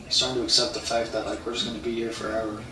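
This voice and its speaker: A man's voice: on the low side, flat delivery, very fast, music in the background. A man live streaming, telling a rambling, profane story and repeating himself as he talks. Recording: roomy, distant mic, faint ambience.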